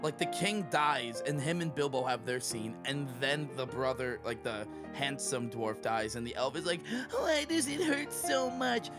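A man's voice: mid-range voice, moderate pace, over music. A man co-hosting a let's play, ranting casually and swearing freely. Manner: ranting, profane, animated. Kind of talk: casual chat.

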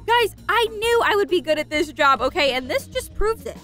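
A young woman hosting a gaming channel, narrating a game role-play in a chatty, excitable way and talking to her viewers. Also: very high-pitched, moderate pace, faint music behind.

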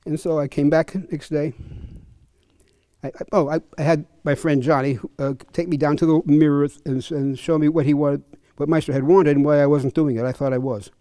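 A man's voice: fairly high pitch, fairly even intonation, normal speed, mellow, no echo. An older man and fencing coach, telling chatty, chuckling anecdotes at a clinic. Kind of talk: casual anecdotal storytelling.

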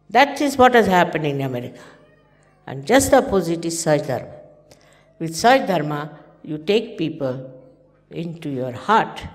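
A woman in her seventies with an Indian English accent, giving an informal spiritual talk in a conversational, story-telling manner and acting out the dialogue of her anecdotes. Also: low-pitched. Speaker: spiritual teacher. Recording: long hall reverb.

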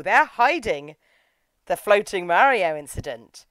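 A woman casually recapping an anime episode, animated and acting out the characters' lines as she tells it. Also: mid-range voice, moderate pace, dry recording. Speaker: podcast co-host reviewing anime.

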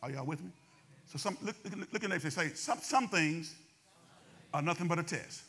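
A man preaching a sermon as pastor, talking fast and calling out to the congregation. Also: fairly high pitch, a bit bright, husky.

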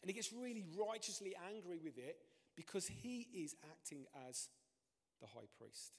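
A man preaching a sermon as pastor, animated, his voice climbing and dropping in pitch and loudness. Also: moderate pace. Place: church. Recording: long reverb of a church hall.

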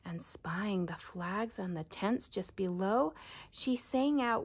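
A woman reading a rhyming children's storybook aloud in a sing-song way, often dropping to a soft whisper. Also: medium pitch, animated, slow, vocal fry.

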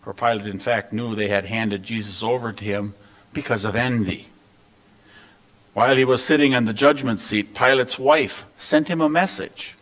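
Brief: male pastor, mid-pitched, measured and solemn scripture reading, phrases trailing soft. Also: poor audio. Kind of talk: scripture reading at a worship service.

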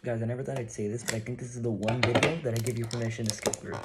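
A man chatting casually while opening trading cards, joking with mock threats and excitable reactions. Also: medium pitch, racing, heavy background noise. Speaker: card-opening vlogger.

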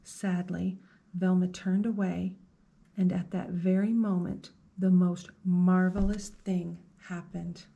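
Mujer lee despacio un cuento infantil. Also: female voice, lowish voice, flat delivery, creaky, dull audio, slight background noise. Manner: slow, gentle, asks the listener questions. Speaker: librarian. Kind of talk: reading a picture book aloud to children.

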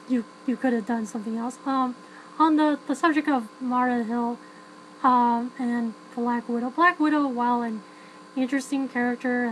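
Woman reviewer, casual and opinionated, slightly high, low hum on the track. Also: poor audio. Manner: chatty, frank, many fillers and restarts, laughs often. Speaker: film reviewer. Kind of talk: casual spoken film review.

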